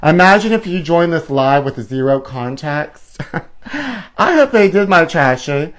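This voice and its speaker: Male host, campy and sassy, rambling asides to the chat, slightly high voice. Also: animated, measured pace, a bit bright. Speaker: live stream host. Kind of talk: campy live stream chat.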